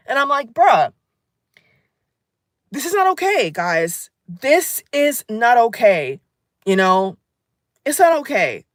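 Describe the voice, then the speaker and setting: A woman's voice: fairly high pitch, no echo, studio quality. Angry woman ranting to her viewers. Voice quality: emphatic, repeats phrases, addresses viewers as guys. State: angry and upset. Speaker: vlogger. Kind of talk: angry political rant to camera.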